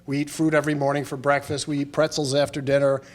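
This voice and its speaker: A man's voice: fairly high pitch, level tone, quick pace. A middle-aged man at a podium microphone in a funeral chapel, giving a eulogy full of humorous anecdotes and chuckling through the stories.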